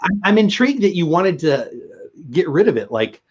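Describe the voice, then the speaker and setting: Here the San Diego livestream host has a high, slightly rough voice that swings widely in pitch at a normal speed. His casual interview talk is rambling, chatty and self-deprecating, captured in slightly dull lo-fi audio.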